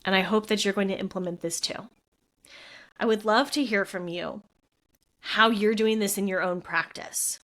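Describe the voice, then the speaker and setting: A young adult woman talks through her solo podcast as a physical therapist host. Her delivery is earnest and heartfelt, loose and conversational, with plenty of "like" and restarts. Her voice sits in a middle pitch range. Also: normal speed, fairly bright tone. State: tearful at moments.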